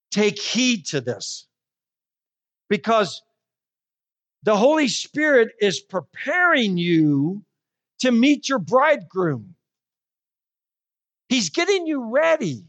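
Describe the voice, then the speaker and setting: A woman preaching a sermon, telling stories with animation and slowing down to stress key words. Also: mid-range voice, muffled recording. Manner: animated storytelling, slows down for emphasis.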